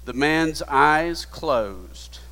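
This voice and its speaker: Slow-preaching man in a reverberant hall. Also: fairly high pitch, lively intonation. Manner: slow, hushed retelling rising to emphatic preaching. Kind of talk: sermon storytelling.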